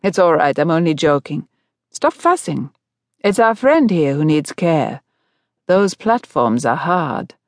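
A woman's voice: low-pitched, very animated, unhurried, dry recording, studio quality. A woman voicing a confident, teasing young man in an audiobook. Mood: playful. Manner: playful and joking.

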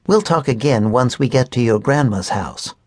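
A man voicing a tiny male Christmas tree elf who speaks earnestly and gently urgent, for a children's storybook. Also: mid-range voice, lively intonation, normal speed, dry recording, clean studio sound, lightly acted.

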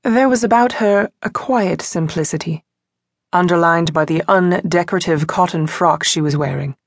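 A woman reads a mystery novel aloud for an audiobook, her lowish voice measured and even in this scripted narration. She sits close to the mic in a dry studio with no echo.

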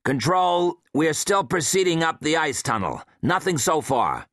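A man's voice: a little high, big pitch swings, measured pace, fairly bright tone, no room sound, clean studio sound, voice pushed up, full character voice. A man voicing a tough male station chief, a marine biologist who barks orders in a raised, clipped voice. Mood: clipped radio report.

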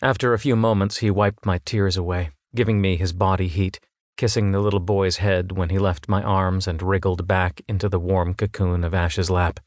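Man, audiobook narrator, first-person storytelling, lowish voice, dry close studio sound, measured delivery. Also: level tone, no room sound.

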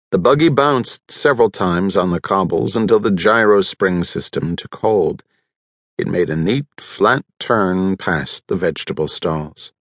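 Slow, low-voiced male audiobook narrator. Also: no room sound, studio quality. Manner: even, measured storytelling. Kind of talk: scripted narration.

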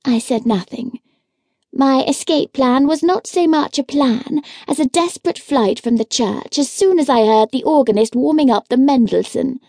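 A woman narrating a historical novel in first person, with a lively storytelling manner at a close microphone. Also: high voice, normal speed, no echo. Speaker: audiobook narrator.

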